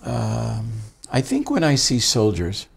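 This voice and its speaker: A man's voice: medium pitch, huge pitch swings, takes it slowly, vocal fry, slight background noise. A man with an American accent, a rabbi being interviewed, telling stories with wry, self-deprecating humor in a casual conversation. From United States.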